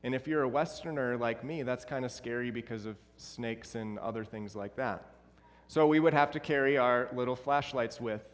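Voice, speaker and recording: A male pastor delivers a sermon in an easy, conversational way. He is earnest, and he often restarts his phrases with fillers. His mid-pitched voice trails a long reverb through a church hall. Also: moderate pace.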